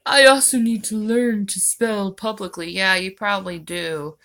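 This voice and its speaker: A woman hosting her own channel answers viewer comments in a vlog, her tone sarcastic and mocking. She has a mid-range voice that's a bit bright, with fairly even intonation at a normal speed.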